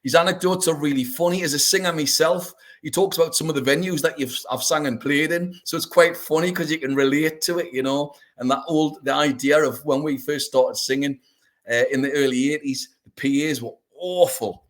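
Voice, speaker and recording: A man's voice: a little high, steady tone, a little fast. A man, hosting a podcast and telling anecdotes with enthusiasm. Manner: enthusiastic, anecdotal, laughs often. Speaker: podcast host. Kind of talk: casual chat.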